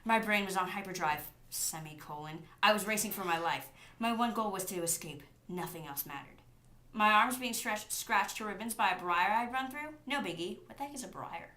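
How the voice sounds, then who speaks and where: A woman's voice: medium pitch, expressive, normal speed, bright, forceful tone. A woman reading a novel aloud and breaking off with sarcastic, exasperated comments as a book reviewer. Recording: echoey room, faint background noise.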